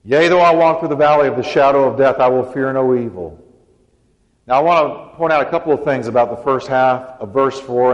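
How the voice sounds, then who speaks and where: A man preaching an emphatic sermon to his congregation, leading them in call-and-response. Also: on the high side. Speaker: pastor. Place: church sanctuary. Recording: dull sound with long church reverb.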